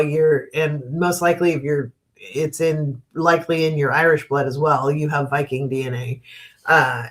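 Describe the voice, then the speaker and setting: Slow-talking chatty woman streamer. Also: sits low, fairly bright tone. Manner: chatty, laughs often, reads out viewer comments; frank and opinionated on current events. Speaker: live-stream host. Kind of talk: casual live-stream chat.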